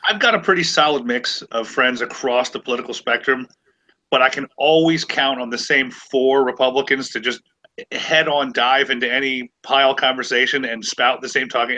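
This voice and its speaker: A man's voice: mid-range voice, pushed and bright, low-quality recording. A man in his forties, hosting a podcast, telling stories with sarcasm and plenty of stammered restarts. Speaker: podcast host. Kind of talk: casual chat.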